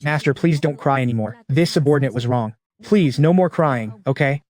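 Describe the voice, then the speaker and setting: A man's voice: mid-range voice, normal speed, a little mellow, lightly acted. A man voicing a devoted young male shadow guard who speaks in a humble, earnest way.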